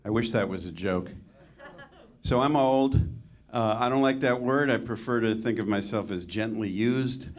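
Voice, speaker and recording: A man's voice: on the low side, normal speed. A man doing stand-up comedy with dry, self-deprecating delivery.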